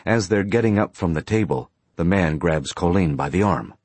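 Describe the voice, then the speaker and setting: Deep, husky male story narrator. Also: moderate pace, no room sound. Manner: steady, plain storytelling. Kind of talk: audiobook narration.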